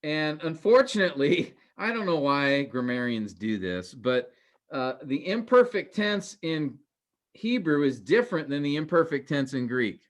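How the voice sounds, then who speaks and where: Man teaching a relaxed class. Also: on the high side, a little slow. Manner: relaxed and conversational, with frequent fillers and restarts; earnest, cautionary. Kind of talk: informal class lecture.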